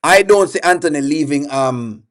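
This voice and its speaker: A chatty man hosts a live reaction stream in a voice on the high side and a bit bright, speaking at a moderate pace. He questions his viewers and reads their comments aloud.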